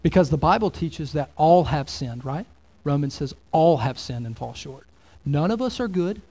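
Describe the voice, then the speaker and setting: A male pastor delivering a sermon, his voice sitting a little higher than most men's. He talks to his congregation in a relaxed, conversational way and keeps asking them questions. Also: normal speed. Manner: conversational, many rhetorical questions.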